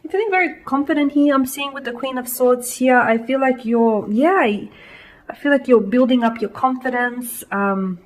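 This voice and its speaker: A woman's voice: sits high, normal speed, poor audio. Reassuring woman giving a tarot reading. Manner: reassuring, repeating "I feel like" and "I'm seeing". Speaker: tarot reader. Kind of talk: casual tarot reading to viewers.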